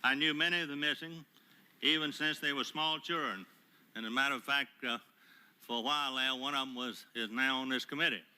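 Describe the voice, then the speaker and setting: Older man giving formal, measured testimony. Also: mid-range voice, bright, forceful tone, clean tone. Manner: measured, formal, with frequent "uh" pauses. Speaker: retired admiral testifying as a witness. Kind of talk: prepared testimony at a hearing. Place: hearing room. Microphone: table microphone.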